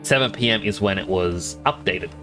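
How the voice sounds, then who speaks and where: A young man telling a long gaming anecdote on a stream, slipping into quick voices for the other players he quotes. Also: on the low side, pushed and bright, faint music behind. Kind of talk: casual storytelling while gaming.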